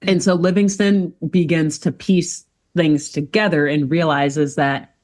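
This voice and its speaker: A woman co-hosting a podcast, retelling a cartoon plot in casual chat, animated and jokey, laughing often. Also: sits low, measured pace. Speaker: podcast co-host recapping a cartoon.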